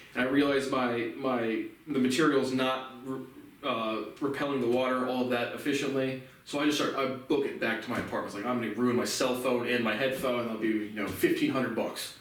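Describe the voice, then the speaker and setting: A man's voice: mid-range voice, steady tone, normal speed, fairly bright tone. A young man in his twenties rambles through an indignant, profane story, restarting his sentences as he goes. He sits well back from the mic. The room around him rings with heavy echo. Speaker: vlogger. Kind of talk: casual storytelling rant. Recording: very echoey room, distant mic.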